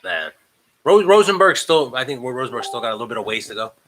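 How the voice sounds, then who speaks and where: A man co-hosting a podcast from home, talking in a casual, animated and profane way. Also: medium pitch, fast talker, a little hiss or hum. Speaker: podcast co-host. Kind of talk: casual chat. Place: home, remote recording.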